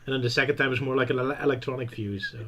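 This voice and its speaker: A man hosting a podcast, talking in a relaxed, hesitant way with fillers and restarts. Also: medium pitch, rapid-fire. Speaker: podcast host. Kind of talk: casual discussion.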